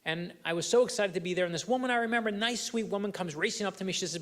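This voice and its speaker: A man's voice: high-pitched, fast, a bit bright. A middle-aged man giving a keynote speech at a luncheon, telling earnest personal stories and speaking directly to the room. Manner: earnest, anecdotal, addresses the audience directly. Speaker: guest speaker.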